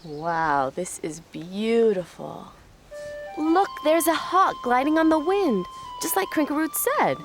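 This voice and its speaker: A woman's voice: a little high, very animated. A woman hosting a children's nature show, eager and curious as she asks questions. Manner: bright, eager and curious, quick to laugh. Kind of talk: upbeat kids' TV presenting. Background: background music.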